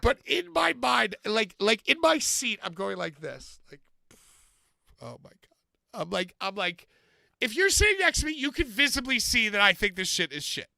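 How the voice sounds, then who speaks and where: A man telling a story on a podcast, animated, swearing often and acting out moments. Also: high-pitched, normal speed, vocal fry, no room sound. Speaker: podcast co-host. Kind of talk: casual comedic storytelling.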